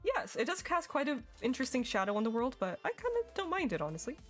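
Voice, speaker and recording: A woman's voice: high-pitched, huge pitch swings, fast talker, soft background music. A young woman streaming a game, chatting casually and giggling as she reads her chat.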